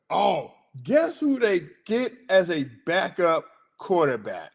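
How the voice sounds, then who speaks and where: A man hosting a casual sports talk livestream, slangy and excitable, rambling about his picks. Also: sits high, slow. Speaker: sports podcast host.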